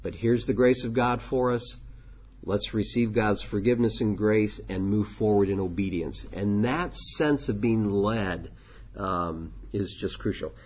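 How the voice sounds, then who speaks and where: A man's voice: on the low side, a little slow, breathy edge, dull audio. A man who is a pastor, teaching a church leadership class in a conversational way, with frequent ums and restarts.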